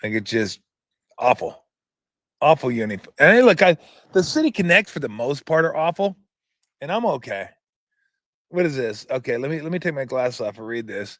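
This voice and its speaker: A man's voice: mid-range voice, lively intonation, normal speed, dry recording, clean studio sound. A man hosting his own show, ranting in casual talk, sarcastic and swearing freely as he mocks what he reads aloud. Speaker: show host. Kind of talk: casual profane rant.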